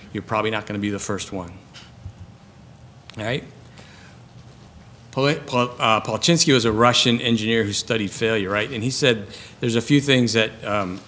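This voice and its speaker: A man's voice: mid-range voice, fairly bright tone, a little hiss or hum. A man in his fifties, a surgeon giving a conversational lecture to residents in a hall, often checking in with "right?". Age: 50s. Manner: conversational, ends points with "right?". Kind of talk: lecture to a live audience.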